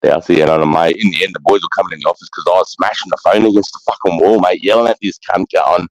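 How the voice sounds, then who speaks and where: A man's voice: low-pitched, fairly even intonation, fast, few pauses, no echo, poor audio. A middle-aged Australian man, a former army sergeant, telling war stories in casual chat, bluntly and with constant swearing. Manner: blunt, heavy swearing, keeps adding "mate".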